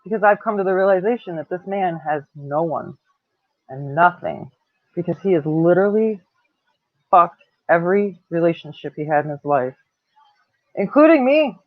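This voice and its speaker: A woman's voice: fairly low pitch, animated, moderate pace, pauses often, dry recording. A woman in her late thirties telling a personal story to camera, blunt and swearing a lot. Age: 30s. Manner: blunt, heavy swearing, laughs between lines. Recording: tinny dry phone-like sound.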